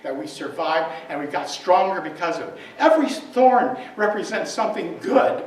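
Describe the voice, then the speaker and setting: A man's voice: high-pitched, big pitch swings, normal speed, slight background noise. A man playing an earnest, long-married husband explaining himself sincerely, heard from a distance in an echoey hall. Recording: echoey hall, far from the mic.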